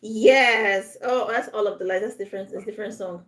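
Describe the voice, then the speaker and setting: A woman's voice: medium pitch, fairly even intonation, fairly quick. A woman giving a live online English lesson, patiently modeling word stress and switching into French to explain. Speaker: English tutor.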